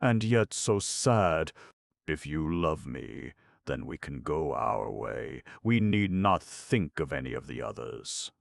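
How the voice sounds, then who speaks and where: A man's voice: a bass voice, sing-song, takes it slowly, gravelly, dry recording, studio quality, full character voice. A man voicing a pleading middle-aged woman. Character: anguished middle-aged woman in forbidden love. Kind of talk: audiobook character voice.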